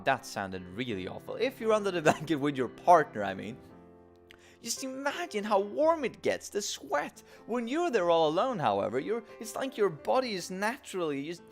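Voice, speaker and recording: A young man giving tongue-in-cheek advice in a rambling, self-mocking vlog with wry asides. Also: fairly high pitch. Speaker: vlogger.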